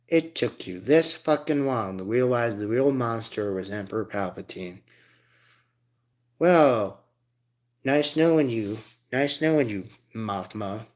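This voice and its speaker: A man's voice: mid-range voice, animated, slow, darkish tone. A man giving sarcastic, profane running commentary on a live reaction stream.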